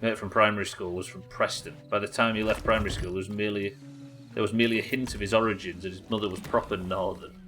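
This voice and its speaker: A man's voice: on the low side, fairly even intonation, fast, a bit bright. An English man streaming a game, chatting casually and rambling, swearing freely as he plays. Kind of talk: casual chat while playing.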